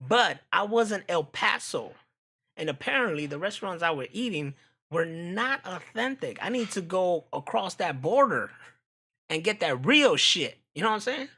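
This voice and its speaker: A man hosting a live stream, chatting casually with viewers in a joking, profane, animated way. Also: high voice, normal speed, breathy edge. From United States.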